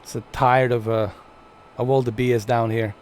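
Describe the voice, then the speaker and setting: A man's voice: medium pitch, flat delivery, normal speed, slight background noise. A man streaming a flight game, giving chatty, playful live commentary to his viewers. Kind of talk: casual gameplay commentary.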